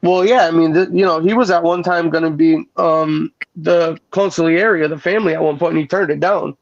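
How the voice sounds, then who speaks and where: A man's voice: on the high side, steady tone, a little fast, creaky, no echo. A man talking casually on an online radio panel, rambling with lots of fillers and restarts. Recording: dull lo-fi sound.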